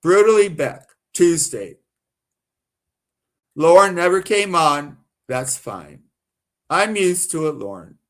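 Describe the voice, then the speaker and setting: A man's voice: a little high, big pitch swings, slow, long pauses, fairly bright tone. A man from the American South doing rambling live-stream commentary, repeating himself and getting worked up and indignant.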